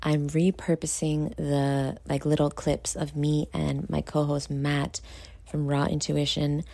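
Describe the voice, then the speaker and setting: Loud, tired New woman. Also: deep voice, slow pace, creaky, no echo. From New York. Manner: loud, excitable, many fillers. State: tired, late at night. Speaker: podcast host. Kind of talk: candid self-talk vlog.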